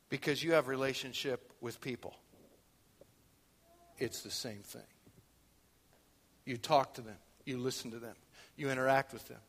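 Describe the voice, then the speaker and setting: A man preaching a sermon in church, swinging from quiet talk to loud shouting. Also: medium pitch, big-room sound. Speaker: pastor.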